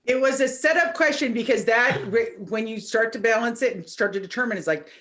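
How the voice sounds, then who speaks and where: A woman's voice: on the high side, fairly quick, a bit bright, a little hiss or hum. A woman leading a question segment in a casual group chat, laughing and teasing the team.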